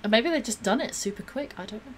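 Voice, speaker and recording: A woman's voice: a little high, animated, slight background noise. Bubbly woman streaming a game. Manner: bubbly, gushing, quick to gasp and laugh. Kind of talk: casual live-stream commentary while playing.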